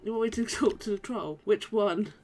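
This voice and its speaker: A young woman chats her way through a role-playing game in casual commentary. She rambles and restarts her sentences and asks her viewers questions, all at a middling pitch. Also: moderate pace, darkish tone, a little hiss or hum. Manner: chatty, rambling, many "like"s and restarts. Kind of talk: casual let's-play commentary.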